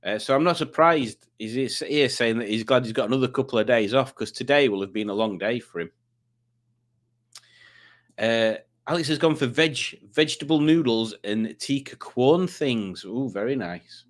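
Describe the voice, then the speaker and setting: A male quiz host on a livestream, talking in a loose, rambling way at a middle pitch. He reads out viewer comments and drifts into self-deprecating jokes between them. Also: normal speed. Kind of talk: casual livestream chat.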